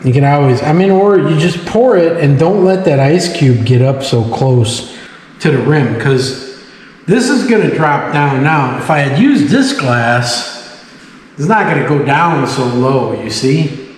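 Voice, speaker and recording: A man's voice: fairly high pitch, lively intonation, measured pace. A man casually chatting and joking to himself while he makes a smoked cocktail at home. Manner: chatty, jokey, talks to himself while working. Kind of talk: casual talk while demonstrating. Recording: echoey room audio with long reverb and faint hiss.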